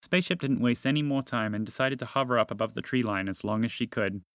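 A man narrating a children's storybook in a calm, even reading manner. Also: medium pitch, fast, no echo, studio quality.

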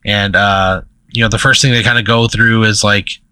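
A young man with a bright, forceful voice tells a long made-up story, stumbling and filling with "like" and "you know". The sound is dry and close. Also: lowish voice, fairly even intonation, moderate pace, clean tone, dry recording, poor audio. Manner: rambling, full of "like" and "you know". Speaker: podcast co-host. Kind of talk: improvised storytelling.

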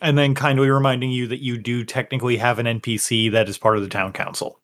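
A man's voice: mid-range voice, flat delivery, fast, a bit bright. A man running a tabletop game over a voice call, laughing as he keeps slipping into a put-on country drawl. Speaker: game master. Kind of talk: out-of-character banter in an online tabletop game.

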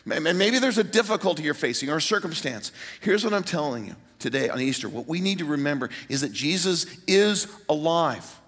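A pastor preaching an Easter sermon to a large congregation, retelling the story with animated voices. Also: male voice. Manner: animated storytelling, voices quotes with rising pitch. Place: large church hall. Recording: reverberant church hall.

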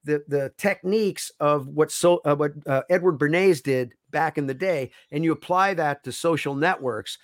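A man's voice: fairly high pitch, normal speed, hardly any pauses, no echo, clean studio sound. A man as a podcast guest, explaining his concerns earnestly at length, often restarting his sentences. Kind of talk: casual interview chat.

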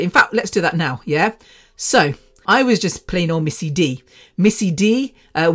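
A woman hosting her own podcast, chatting casually and rambling from topic to topic with frequent laughs. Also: lowish voice. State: using an oxygen machine. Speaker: podcast host. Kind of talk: casual solo podcast chat.

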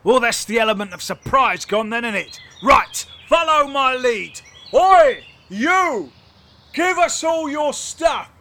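A man playing a cocky, cheeky highwayman telling his story in a comedy sketch. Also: lively intonation, normal speed, few pauses, pushed and bright, slight background noise, full character voice. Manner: boastful, cheeky. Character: cocky roguish male highwayman.

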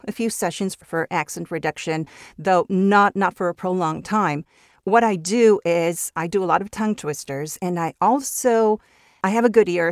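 A woman with a fairly low voice, raised in Mexico with Spanish as her first language, is a voice actor appearing as an interview guest. She chats casually about her voice work and often restarts words. The audio is dry, clean studio sound.

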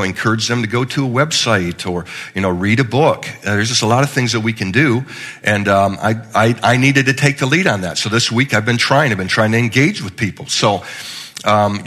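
A man's voice: mid-range voice, pushed and bright. A middle-aged male pastor giving a conversational, joking sermon with frequent restarts.

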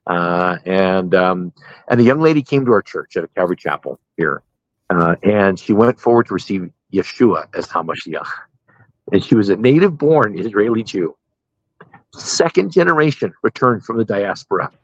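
A man's voice: lowish voice, animated, moderate pace, dry recording, muffled recording. A middle-aged man, a pastor, telling stories from his life in a casual interview and laughing at his own jokes.

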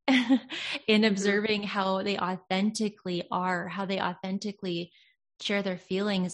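Earnest, reflective woman in casual talk. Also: medium pitch. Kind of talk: casual conversation.

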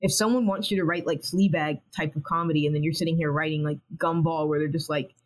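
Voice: mid-range voice, steady tone, fast talker, rough recording. A TV animation writer talking casually in a podcast interview, rambling and acting out their own thoughts as quotes.

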